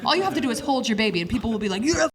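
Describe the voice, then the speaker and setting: A woman's voice: on the high side, sing-song, racing, a crowd in the background. Frank, chatty woman doing stand-up. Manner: chatty, frank, self-mocking. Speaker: stand-up comedian. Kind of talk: stand-up set with crowd work. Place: comedy stage before a live crowd.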